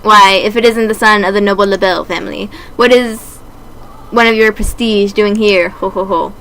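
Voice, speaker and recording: Woman voicing a condescending villain doctor, quiet, bright tone. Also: mid-range voice, fairly even intonation, close to an everyday voice, rough recording. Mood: smug. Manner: soft, measured, condescending. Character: smug, sinister male doctor bird, calm and cold.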